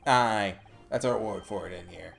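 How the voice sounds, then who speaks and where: A let's player voicing a gruff older Scottish prison governor, reading game dialogue in a slow, low, halting put-on brogue. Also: faint music behind. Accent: attempted Scottish.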